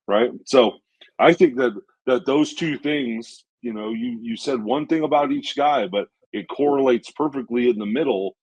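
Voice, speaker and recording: A man co-hosts a casual podcast and lays out his points in a calm, measured way, often hedging with "you know" and "right?". His voice is husky and sits at an ordinary pitch. The recording sounds dry and close. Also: no echo, rough recording. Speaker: podcast co-host. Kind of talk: casual chat.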